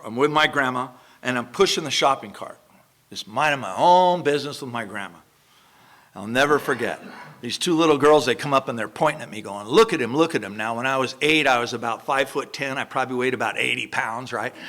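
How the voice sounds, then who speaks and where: A man's voice: mid-range voice, sharp tone. A man in his sixties from Southern California, speaking at a recovery meeting. He tells his personal story bluntly and earthily, with rambling "you know" asides. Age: 60s.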